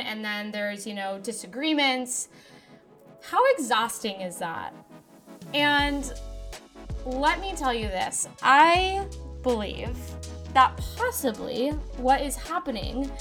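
A woman's voice: on the high side, a bit bright. A young woman hosting a casual spiritual podcast, gushing and chatty, often saying "you guys" and "like.". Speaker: podcast host.

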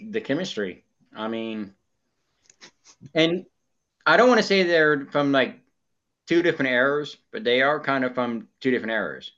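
A man co-hosts a podcast with a mid-pitched voice and gives his opinions freely. He works his way through each point as he goes. His audio sounds dull and muffled, as if recorded on a lo-fi setup. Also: animated, normal speed, long pauses, a bit bright. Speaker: podcast co-host. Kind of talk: casual chat.

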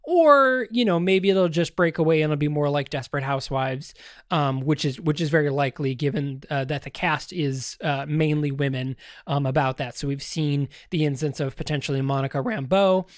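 A man's voice: on the high side, normal speed, dry recording, studio quality. A man hosting a podcast, talking casually about a TV series, rambling with lots of fillers and restarts and joking straight at his listeners. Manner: addresses listeners directly, joking. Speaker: podcast host.

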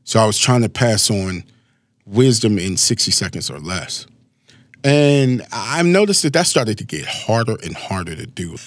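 A man in his forties from Maryland giving a casual motivational talk, animated and full of storytelling asides. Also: fairly low pitch, normal speed, no room sound, clean studio sound. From Maryland, USA. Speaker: motivational speaker.

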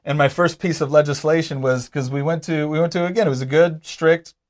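A man's voice: a little high, fairly even intonation, brisk. A man in his forties casually telling stories, chatty and self-deprecating, laughing along. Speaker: co-host telling his story. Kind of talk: casual conversational storytelling.

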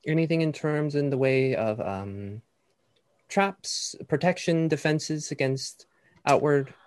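A man's voice: fairly high pitch, animated, takes it slowly, darkish tone, no room sound, pitched above the performer's own voice. A man voicing a fussy, bookish woman scholar with a prim put-on British accent who asks eager questions. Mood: inquisitive.

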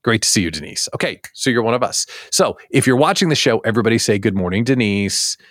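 A middle-aged man hosting a live stream, playful and chatty, speaking straight to his viewers. His pitch swings widely from phrase to phrase, and the sound is close and dry with no room echo. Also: expressive, fast talker, a bit bright. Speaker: host of a daily live small business show. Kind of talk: upbeat live-stream talk.

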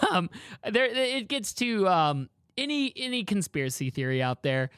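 Male podcast host, slightly high voice, rambling, dry close sound. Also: unhurried, clean tone, no echo. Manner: rambling, animated, lots of fillers and restarts. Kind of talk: casual chat.

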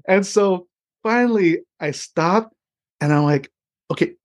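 Husky man, casual guest, tells stories with lively retelling. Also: on the high side, normal speed. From United States. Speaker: interview guest. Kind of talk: casual storytelling.

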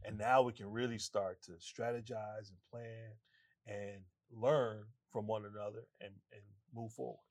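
A man's voice: lowish voice, fairly even intonation, measured pace, dry recording, studio quality. A man co-hosting, speaking in an earnest, thoughtful way about healing. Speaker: co-host. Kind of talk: reflective talk.

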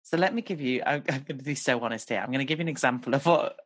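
A woman's voice: extremely low pitch, very fast, breathy edge, no room sound. A woman hosting a podcast, telling personal stories in a candid way and laughing easily. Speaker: podcast host. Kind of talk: casual conversation.

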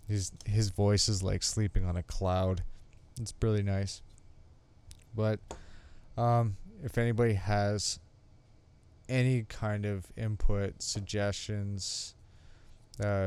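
A man talks on his own podcast in an easygoing, candid ramble, dotted with ums and an occasional curse. His voice sits fairly low and stays flat, with a mellow, smooth tone. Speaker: solo podcast host. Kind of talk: casual solo podcast talk.

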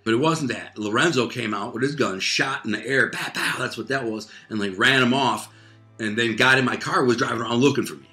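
A man's voice: medium pitch, a little fast, sharp tone, faint music behind. A man casually telling a personal story in loose, profane street talk, full of fillers like "man" and "like.".

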